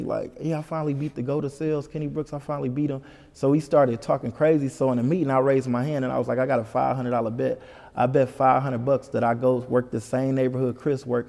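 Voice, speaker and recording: A man from Detroit, a comedian telling a lively story in an interview and putting on voices for the people in it. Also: medium pitch, brisk, creaky, long reverb tail. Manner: animated, puts on voices for people in his stories. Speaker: comedian guest.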